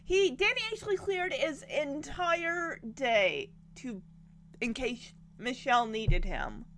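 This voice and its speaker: A young woman casually recapping a TV episode, with animated and indignant storytelling. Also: high-pitched, slow pace, slight background noise. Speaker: TV show recapper.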